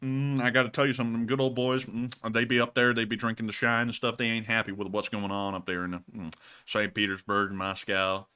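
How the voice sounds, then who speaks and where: A man's voice: fairly low pitch, flat delivery, brisk, sharp tone, clear, resonant tone, pitched below the performer's own voice. A man putting on a drawling Southern good old boy. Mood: folksy ranting. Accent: Southern American. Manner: folksy drawl, repeats "I tell you what". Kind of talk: comic impression on a live stream.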